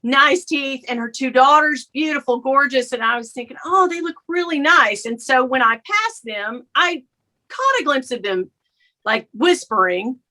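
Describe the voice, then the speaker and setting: A woman from the United States chats as co-host over a video call, spinning animated stories and slipping into the voices of the people she quotes. Her voice sits high and rings bright and sharp. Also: measured pace. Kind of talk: casual chat.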